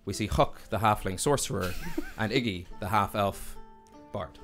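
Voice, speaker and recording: A man's voice: fairly low pitch, moderate pace, fairly bright tone, faint music behind. A man narrating a tabletop fantasy game as game master, telling the scene like a storyteller and laughing often.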